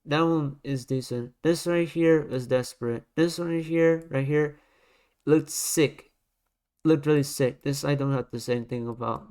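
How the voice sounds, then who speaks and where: A man's voice: fairly high pitch, normal speed, darkish tone, clean tone. Blunt, muttering man ranking designs. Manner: blunt, repetitive, thinks aloud while dragging items; keeps his voice down to avoid overloading the mic. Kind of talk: casual screen-recorded commentary. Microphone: desk microphone.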